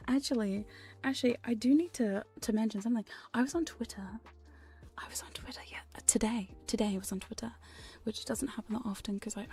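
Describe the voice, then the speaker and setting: A woman whispering close to a studio mic in a relaxed ASMR livestream, her voice pitched a little high yet dark and mellow in tone. Her sound is breathy and husky, with faint music playing underneath. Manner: soft whispering with frequent laughs and swearing. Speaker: ASMR hypnosis streamer. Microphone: studio condenser mic close up.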